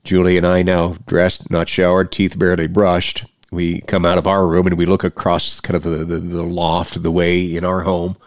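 Speaking in a completely flat delivery, a deep-voiced middle-aged podcast host gives a personal monologue straight into a close mic. He's earnest but stop-and-start, often restarting phrases, and the recording is dry with no echo.

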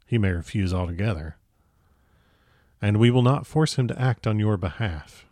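A man reading a cool, measured woman witch. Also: lowish voice, no echo, clean studio sound, close to an everyday voice. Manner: calm, neither kind nor unkind.

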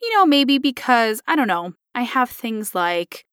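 A woman co-hosting a podcast, sarcastic and incredulous as she walks through the findings. Her pitch swings widely and her voice is bright and a little high. The sound is close and dry. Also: big pitch swings, a little slow, smooth, dry recording. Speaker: podcast co-host. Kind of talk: casual podcast chat.

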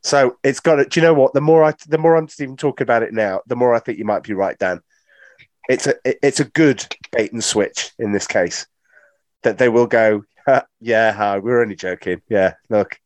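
A man co-hosting a casual panel chat, animated and opinionated, often stumbling over repeated words. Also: mid-range voice, a little fast, dry recording. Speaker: podcast co-host.

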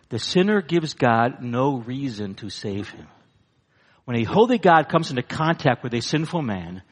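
A man preaching with a lively voice that leaps high for emphasis and sinks low for solemn points. His voice is slightly higher than most men's and rings out with a long reverb across a large hall. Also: breathy edge. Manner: emphatic, rising to high bursts then dropping low for weight. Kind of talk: sermon.

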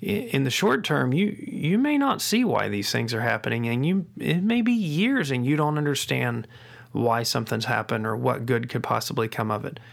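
Middle-aged male podcast host, gravelly voice, earnest and reflective delivery, repeats key lines slowly, frequent restarts. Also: mid-range voice, very animated. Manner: earnest, repeats key phrases with slow emphasis; frequent restarts and doubled words. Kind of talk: faith-based parenting podcast talk.

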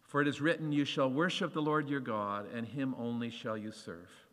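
A man preaching a sermon, animated and acting out the voices of scripture as he reads. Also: medium pitch, normal speed, big-room sound.

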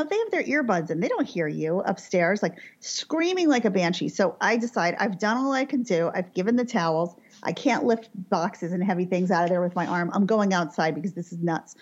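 Animated storytelling mom, slightly lo-fi. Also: female voice, mid-range voice. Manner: animated, dramatic, shouts and acts out the voices in her story. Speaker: mother telling a story. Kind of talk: casual storytelling chat.

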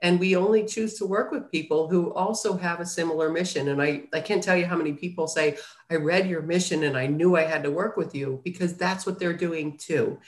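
A woman's voice: lowish voice, a little fast. A woman publisher talking earnestly as a guest in an interview. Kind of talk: casual interview talk. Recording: roomy echo.

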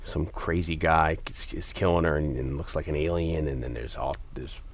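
A man's voice: rumbling low, moderate pace. A man co-hosting a casual chat, rambling enthusiastically with lots of restarts. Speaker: podcast co-host. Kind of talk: casual chat about horror films.

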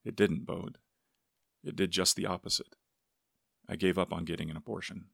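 A stubborn, earnest young woman from a read novel, as a deep-voiced male narrator puts her on. The voice stays low and gravelly, with a dry, close sound. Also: steady tone, normal speed, fairly bright tone, no echo, exaggerated voice.

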